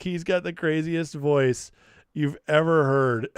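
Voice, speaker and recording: Brief: opinionated male vlog host, smooth voice, dry close sound. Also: on the high side, takes it slowly, no room sound. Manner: chatty, opinionated, offhand. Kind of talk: political commentary vlog.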